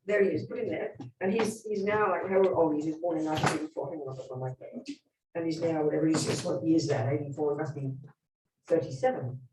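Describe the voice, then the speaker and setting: Her voice sits low and moves at a quick pace as this Buddhist nun teaches a live workshop, bluntly and emphatically questioning her audience directly. She is recorded from a distance in a roomy hall, with noise in the background.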